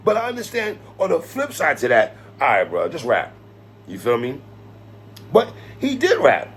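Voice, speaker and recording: Animated man hosting hip-hop commentary. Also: a little high, moderate pace, slight background noise. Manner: animated, laughs, quotes lyrics, slangy. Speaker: host.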